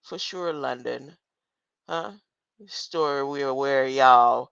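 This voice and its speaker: A woman's voice: extremely low pitch, slow, vocal fry, fairly bright tone, smooth, no room sound, low-quality recording. A woman talking casually on a livestream to her chat, rambling and often tossing in "huh?". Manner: rambling, keeps asking "huh?".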